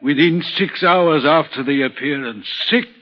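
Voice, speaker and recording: A man's voice: a little high, unhurried. An actor playing a nervous, haunted male railway signalman, telling his story in an earnest, urgent way, in an old-time radio drama. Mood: grim. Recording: muffled old radio recording.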